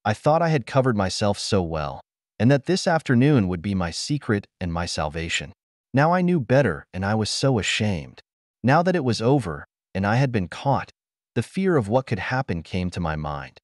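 Expressive low-voiced male storyteller. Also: normal speed, no room sound, clean studio sound. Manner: first-person storytelling, expressive. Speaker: narrator. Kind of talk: scripted audiobook narration.

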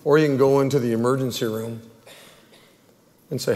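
A man's voice: mid-range voice, steady tone, normal speed, a little mellow. A man preaching an earnest altar call and prayer as a pastor, pleading with the congregation. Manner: earnest, pleading, acts out worried voices. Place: church sanctuary. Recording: long hall reverb.

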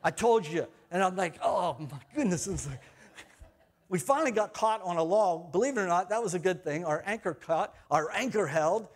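A middle-aged male pastor whose voice sits high for a man, preaching in a church. He slips easily from scripture into chatty personal anecdotes, animated and conversational. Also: moderate pace. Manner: chatty storytelling, animated swings in loudness. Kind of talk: sermon with personal stories. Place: church sanctuary.

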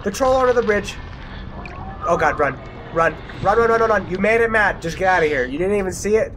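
A man's voice: high-pitched, expressive, brisk, fairly bright tone, slight background noise. A young man playing a horror game, jumpy and exclaiming, often mocking himself. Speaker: let's play gamer.

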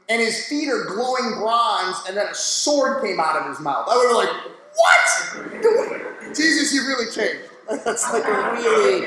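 A man on a church discussion panel, talking in a casual, animated, slangy and jokey way. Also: high-pitched, background noise. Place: church hall. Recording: echoey hall.

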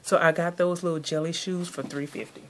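A woman's voice: on the low side, steady tone, brisk, a little hiss or hum. A young woman from the American South, chatting casually in a haul vlog, rambling and filling her talk with "like". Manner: rambling, chatty, many "like" fillers. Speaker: vlogger.

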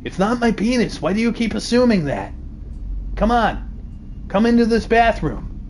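A man voicing an earnest young male hero in a game, talking in a raised, bright delivery. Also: sits high, very animated, a little slow, a little hiss or hum, pitched above the performer's own voice.

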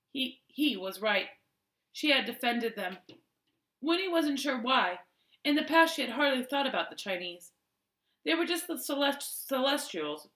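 A woman reading a children's novel aloud in a slow, careful storytelling manner. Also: high-pitched, a bit bright, reverberant. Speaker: audiobook reader.

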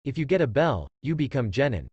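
A man voicing a laid-back, deadpan adult ninja teacher in a fan story reading, offhand in manner. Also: mid-range voice, brisk, breathy edge, dry recording, muffled recording.

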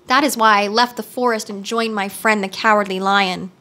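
A woman voicing a huge, gentle male tiger who is always hungry, speaking slowly in a storybook reading. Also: mid-range voice, steady tone, close to an everyday voice. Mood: mournful. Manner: slow and drawn out.

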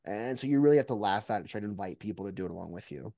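A man's voice: lowish voice, rapid-fire, vocal fry, no echo, studio quality. A man, a mock trial competitor, reflecting animatedly in a casual interview. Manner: reflective, animated, many restarts.

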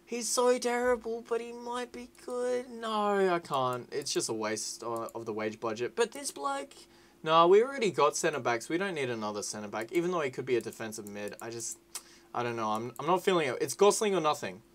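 A young man rambles through casual commentary over his gameplay. He is rowdy and sweary, jumping between excitable shouting and low muttering. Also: fairly quick. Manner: rowdy, sweary and excitable, swinging to loud whining outbursts. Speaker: gaming YouTuber. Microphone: desk mic with webcam.

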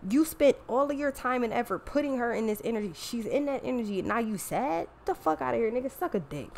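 A woman's voice: on the high side, lively intonation, fast talker, gravelly, a little mellow, a little hiss or hum. A woman hosting a show, talking in a blunt, profane, exasperated casual rant. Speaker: podcast host. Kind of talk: casual ranting monologue.

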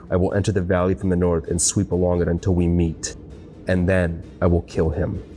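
A man narrating a sci-fi audiobook in a steady, measured reading. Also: low-pitched. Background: faint music score.

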